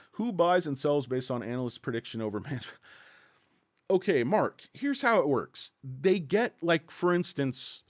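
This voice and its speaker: A man's voice: medium pitch, no room sound. A man ranting casually about stocks on a livestream, sarcastic and swearing, often sidetracked into jokes. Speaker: stock market commentator.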